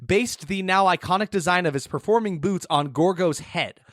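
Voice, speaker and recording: A man's voice: high-pitched, moderate pace, a bit bright, no echo, studio quality. Chatty man co-hosting a movie podcast. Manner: chatty, heavy use of "like" and "honestly". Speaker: podcast co-host. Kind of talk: casual movie review chat.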